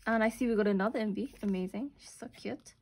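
A young woman doing casual unboxing commentary, gushing and gasping with excitement over what she pulls. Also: medium pitch, quick pace, slight background noise. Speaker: unboxing vlogger.

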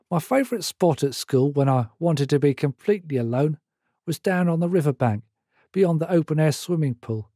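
A man's voice: a little high, mellow, no room sound, studio quality. Older man reading his memoir. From Britain. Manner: measured storytelling. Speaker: memoir author.

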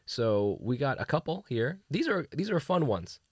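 A man hosting a casual podcast from a studio, getting over a cold and talking softly with a laid-back, joking manner full of ums. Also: medium pitch, very animated, normal speed, husky, no echo. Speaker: podcast host. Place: studio in Brooklyn.

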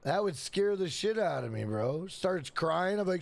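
A man's voice: a little high, expressive, a little slow, gravelly, hardly any pauses, a little hiss or hum. A young man streaming a game, chatting loosely with profanity, repeating himself and reading chat questions aloud. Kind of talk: casual live stream chat.

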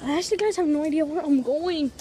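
Chatty higher-voiced woman vlogging outdoors. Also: quick pace, dark tone. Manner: chatty, piles on big vocabulary words; talks to viewers while walking. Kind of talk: casual walking vlog. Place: outdoors on streets and in a park.

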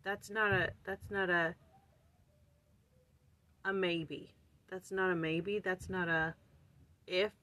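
A woman with a lowish, fairly even voice speaks slowly with long pauses, her tone pushed and bright. Hosting her own daily scripture study channel, she thinks aloud in earnest, sighing and restarting as she searches for words. She presses questions on the listener.

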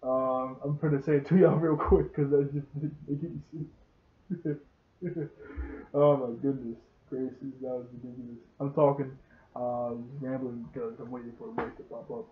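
A man's voice: mid-range voice, fairly even intonation, moderate pace. A young man, rambling through a casual episode recap and acting out the characters' lines. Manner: rambling, laughs often, acts out dialogue. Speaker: show reviewer. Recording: tinny phone-like sound.

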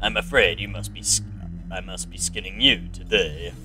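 A man voicing a grim, cold trapper-trader in a video game, reading his lines slowly in a lowered voice. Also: over music, natural voice, low-quality recording. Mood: stern.

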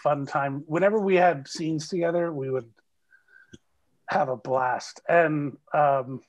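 A middle-aged actor chatting as a guest over a video call, telling animated stories and laughing often. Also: male voice, a little high, slow. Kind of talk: casual video call interview.

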